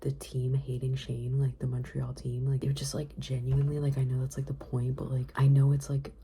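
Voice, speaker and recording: A woman book vlogger reading a novel aloud and reacting excitedly, often dropping into a whisper. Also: extremely low pitch, brisk, a little hiss or hum.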